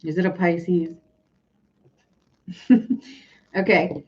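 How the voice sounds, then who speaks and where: A woman's voice: fairly low pitch, moderate pace, dull audio. A woman giving a casual, chatty tarot reading, talking loosely and laughing often. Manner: chatty, giggly, animated. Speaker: tarot reader.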